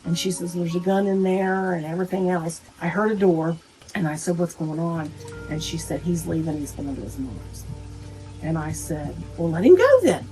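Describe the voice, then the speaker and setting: A middle-aged woman, a little low in pitch, retelling events in an interview. She talks plainspoken and direct and quotes what each person said. Music is clearly audible behind her. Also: fairly even intonation, moderate pace, mellow, poor audio. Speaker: mother of a murder victim, interviewee.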